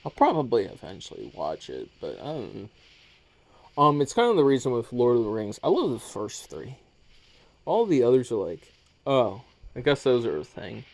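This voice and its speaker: A man's voice: mid-range voice, vocal fry, darkish tone. A man talking casually in a hesitant, rambling monologue, full of "um"s and swearing. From United States. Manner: hesitant, full of filler ums, profane. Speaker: vlogger.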